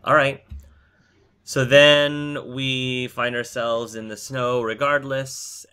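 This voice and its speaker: A man's voice: medium pitch, flat delivery, slow, pushed and bright, clear, resonant tone. A man hosting a casual podcast discussion of a video game, steering the talk and asking his co-hosts questions. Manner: leads the conversation, thoughtful. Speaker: podcast host.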